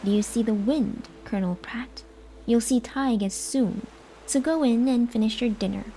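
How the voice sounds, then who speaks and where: A woman's voice: on the high side, moderate pace, warm tone, slight background noise, lightly acted. A woman voicing an invisible, mocking male fairy spirit that laughs and taunts, as a whispered role-play. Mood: taunting.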